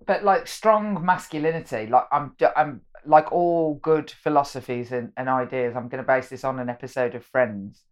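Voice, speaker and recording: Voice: medium pitch, normal speed. A podcast guest in casual conversation, rambling with lots of "like" and acting out quoted voices. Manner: rambling, heavy use of "like", acts out quotes. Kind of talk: casual chat.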